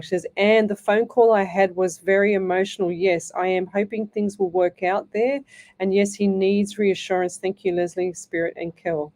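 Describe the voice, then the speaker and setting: A chatty woman in middle age gives psychic readings live on air. Her voice is mellow and warm, and she loops back over her words while she talks. She calls her listeners lovey. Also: mid-range voice. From Australia. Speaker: psychic medium radio host.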